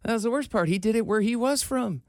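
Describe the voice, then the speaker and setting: A man's voice: very high-pitched, fast, no room sound, clean studio sound. A man, a radio host in his forties, telling stories and joking in casual on-air banter. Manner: joking, animated storyteller.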